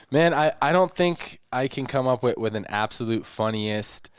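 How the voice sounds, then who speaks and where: A man co-hosting a podcast in casual chat, laughing easily and getting animated when telling stories. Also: medium pitch, moderate pace, smooth, dry recording, studio quality. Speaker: podcast co-host.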